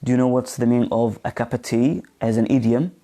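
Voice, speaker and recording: With a warm tone and a mid-range voice, a man conducts a live online pronunciation class. He speaks slowly, hesitating often and leaning on fillers, while modeling words and asking students questions.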